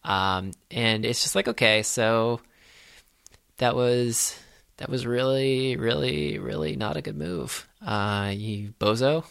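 A man of mid pitch talks through a film in a dry, sarcastic way, stopping often on fillers as he goes. His voice is recorded close and dry, with almost no room sound. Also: lively intonation, takes it slowly, vocal fry, a bit bright, smooth, no echo. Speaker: podcast co-host. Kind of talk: casual film discussion.

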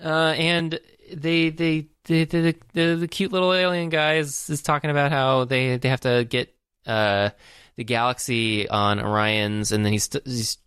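A man casually recapping a movie scene by scene, rambling and halting with lots of fillers. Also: medium pitch, little pitch movement, fairly bright tone, smooth, dry recording.

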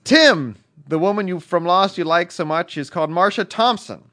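A man reading out a fan's letter in a put-on British accent, rattling through it quickly, his pitch moving a lot. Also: lively intonation, sharp tone. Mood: chatty. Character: British male letter writer, chatty fan.

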